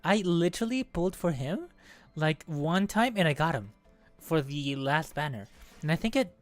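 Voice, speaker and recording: A woman streaming a game, chatting excitedly while pulling for rewards, squealing and laughing at good results and muttering when they are bad. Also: deep voice, normal speed, no room sound, soft background music. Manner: squealing bursts of excitement, then deflated mumbling. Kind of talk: excited gacha-pull stream chat.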